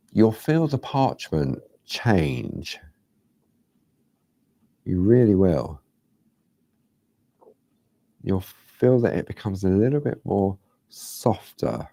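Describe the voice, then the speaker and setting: A man hosting a craft show, chatting casually and rambling a little as he demonstrates, sometimes dropping to a soft near-whisper. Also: deep voice, dry recording.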